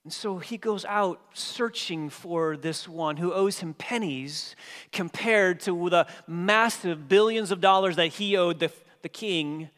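A man preaching a sermon as pastor, dynamic, swinging from hushed passages to emphatic ones. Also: high voice, a little slow. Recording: long hall reverb.

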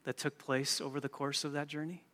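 A man preaching in a church sanctuary, with a bright, forceful voice pitched a little high. He moves between hushed storytelling and loud, emphatic preaching. A long hall reverb trails each phrase. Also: little pitch movement, brisk. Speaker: pastor. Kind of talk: sermon.

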